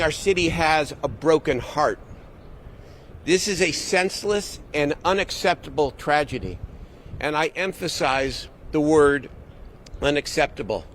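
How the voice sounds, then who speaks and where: A man's voice: on the high side, fairly bright tone, slight background noise. A man speaking as a city mayor, giving an earnest, emphatic public statement.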